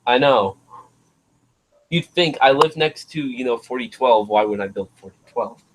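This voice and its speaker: A man's voice: mid-range voice, normal speed, noisy background. Rambling male livestream host. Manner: rambling, trails off searching for words. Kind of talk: casual chat.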